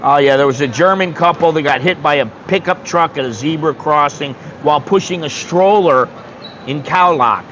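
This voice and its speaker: A man's voice: fairly high pitch, moderate pace, a bit bright, dull audio, slight background noise. A man in his sixties from the United States, rambling bluntly and with some swearing in a casual livestream chat. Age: 60s. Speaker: streamer.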